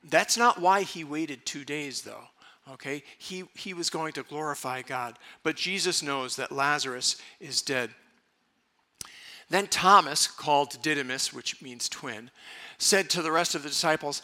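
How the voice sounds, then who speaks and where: A man's voice: on the high side, expressive, measured pace, sharp tone. A man preaching a sermon, reading scripture aloud and explaining it in a conversational way. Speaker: pastor.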